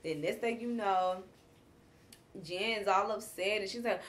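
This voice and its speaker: A woman hosting a casual chat show, recapping a reality series in a chatty, animated way with slangy asides. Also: medium pitch, measured pace, pauses often. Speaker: host.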